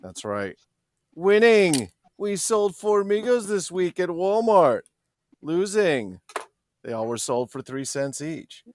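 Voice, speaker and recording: A man chatting casually on a live stream, his pitch leaping around as he tells stories. He laughs a lot and swears freely. A faint hiss sits under his voice. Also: unhurried, hardly any pauses. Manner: laughs often, swears, animated storytelling. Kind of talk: casual chat.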